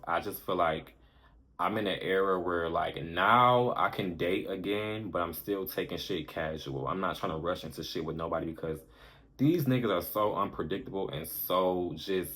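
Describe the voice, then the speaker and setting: Man, low deep voice, casual storytime vlog, candid, profane, animated. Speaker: storytime vlogger.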